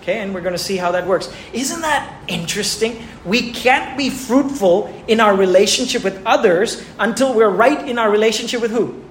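A man's voice: high-pitched, moderate pace, hardly any pauses. A man preaching a sermon who asks his listeners questions and repeats words for emphasis. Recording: echoey room with faint ambient noise.

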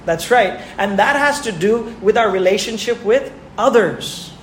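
A man's voice: high voice, animated, measured pace. A man preaching a sermon who asks his listeners questions and repeats words for emphasis. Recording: echoey room with faint ambient noise.

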